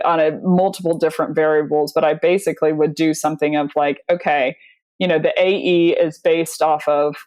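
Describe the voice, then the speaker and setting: A woman with a somewhat low voice speaks as an interview guest. She talks in a loose, animated storytelling way, full of fillers and quick laughs. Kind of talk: casual interview talk.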